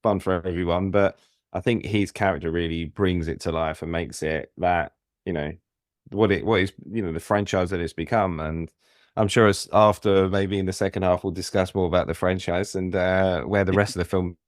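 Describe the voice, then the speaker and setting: A man with a very deep voice talks in a relaxed, easygoing way, filling in with frequent agreement. The recording is dry with no room sound. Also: moderate pace, no room sound. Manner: easygoing, says "yeah" a lot. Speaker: podcast co-host. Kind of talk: casual film discussion.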